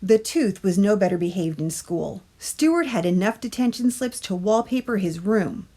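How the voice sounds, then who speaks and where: Expressive woman reading a bedtime story. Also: mid-range voice, normal speed. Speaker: children's librarian. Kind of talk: bedtime story read-aloud.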